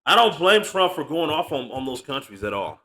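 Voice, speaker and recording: A man's voice: fairly high pitch, big pitch swings, brisk, sharp tone. A man hosting a reaction channel, commenting on clips in a laid-back, slangy way.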